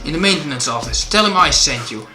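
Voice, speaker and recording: A man's voice: on the high side, expressive, fast, natural voice. A man voicing an easygoing, chatty young male bird in a game, talking in a breezy way. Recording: roomy, game music behind.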